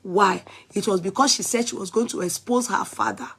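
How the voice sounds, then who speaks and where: A Nigerian woman vlogger giving animated, scolding commentary, repeating her points and calling out viewers. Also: mid-range voice, fairly quick, breathy edge. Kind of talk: casual commentary.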